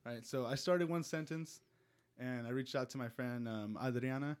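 A man's voice: mid-range voice, moderate pace, clear, resonant tone. A young man hosting a podcast in casual chat, easygoing, often repeating himself and stumbling over words. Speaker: podcast host.

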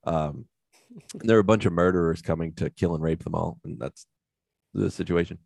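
A man with a notably low voice co-hosts a casual podcast chat, retelling scenes with loose, cursing energy. The sound is close and dry, with no room around it. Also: brisk, vocal fry, a little mellow, no echo. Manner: loose, profane storytelling, acting out scenes. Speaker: podcast co-host.

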